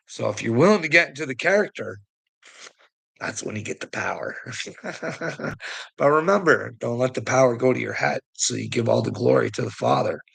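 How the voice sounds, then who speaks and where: Casting note: husky, gravelly-voiced man, casual rambling commentator, laughs through his lines, salty language. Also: mid-range voice, fairly bright tone, low-quality recording. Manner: chuckles often, swears, rambling. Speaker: online commentator.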